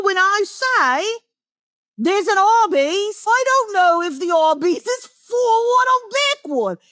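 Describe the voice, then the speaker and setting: Woman doing a high, drawn-out, scolding Brit wife, dry close sound. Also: a bit bright, no echo, full character voice. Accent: put-on British. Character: exasperated British wife scolding husband.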